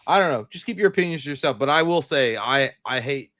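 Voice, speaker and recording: A man's voice: medium pitch, expressive, fast talker, a bit bright, dry recording, clean studio sound. A man co-hosting a live movie talk stream, joking, swearing and reading viewer messages aloud. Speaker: podcast co-host. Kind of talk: casual live-stream chat.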